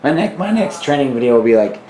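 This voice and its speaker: A man's voice: medium pitch, big pitch swings, fast talker, dark tone. A man in casual chat, commenting on a sparring video, laughing often and swearing, with lots of "like" fillers. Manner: laughing, profane, many "like" fillers. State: tired from sparring. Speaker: co-host. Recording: roomy echo.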